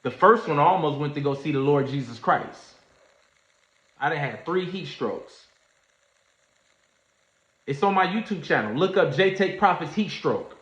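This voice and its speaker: A man telling a story in a casual livestream, animated and slangy, acting out what others said. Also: a little high, measured pace, pauses often. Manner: animated storyteller, acts out quoted voices, Southern US slang. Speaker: trading streamer. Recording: echoey room, dull lo-fi sound.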